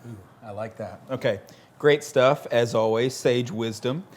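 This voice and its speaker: A man hosting a casual cooking chat in a kitchen, upbeat and quick to affirm what he hears. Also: medium pitch. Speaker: host. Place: kitchen on a live show.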